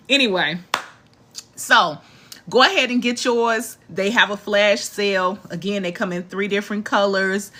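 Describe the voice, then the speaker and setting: A woman's voice: mid-range voice, measured pace, a little hiss or hum. Chatty woman hosting a hair tutorial. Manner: chatty and animated, calls viewers "girl" and "y'all". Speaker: hair tutorial host selling a ponytail. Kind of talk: casual live-stream tutorial and product pitch.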